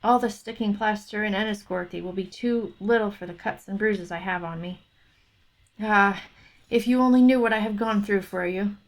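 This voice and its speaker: A woman's voice: medium pitch, normal speed, close to an everyday voice, low-quality recording. A woman reading aloud as a battered male robber captain who complains at length about his injuries. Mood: aggrieved. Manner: complaining, exaggerated storytelling.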